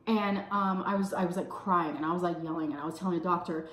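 A woman in her thirties with a Texan accent, telling a story in casual vlog chat, animated and swearing freely. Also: fast, few pauses, echoey room. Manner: animated, swears freely, acts out quotes in a high voice. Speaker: food vlogger telling a story. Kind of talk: casual storytime while eating.

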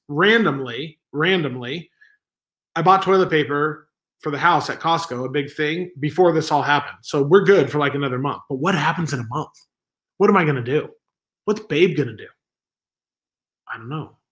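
Speaking at normal speed in an expressive, fairly bright voice on the high side, a stand-in livestream host from Southern California broadcasts from home. He rambles, cracks jokes at himself, and reads the chat out loud.

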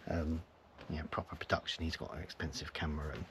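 Deep-voiced man rambling in a noisy campsite. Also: fairly even intonation, fast talker. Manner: rambling, chuckling, sometimes hushed to avoid being overheard. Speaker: vlogger. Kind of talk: casual camping vlog chat. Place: in a van at a forest campsite, outdoors. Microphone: handheld camera. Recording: noisy outdoor ambience.

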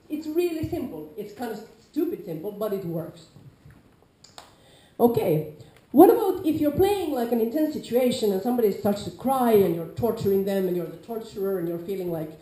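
A woman with a Nordic accent gives an informal lecture, lively and chatty, now and then acting out players with loud calls. Her voice is mellow and dark in tone. The room is hard and echoey around her. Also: on the high side, fast. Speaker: lecturer on larp safety.

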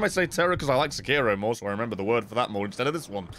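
A young man streaming live gameplay, swearing constantly, thanking donors and breaking into loud shouts. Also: medium pitch, expressive, very fast, few pauses, a little hiss or hum. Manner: thanks chat donors between fights.

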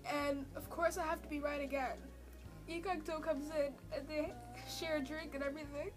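A woman with a high voice and a stuffy, nasal tone from a cold talks through a drama she loved, emotional and rambling, full of fillers. Her voice comes through a tablet's built-in mic, with music plainly audible underneath. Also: fairly even intonation, moderate pace. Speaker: drama reviewer. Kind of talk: casual spoken review.

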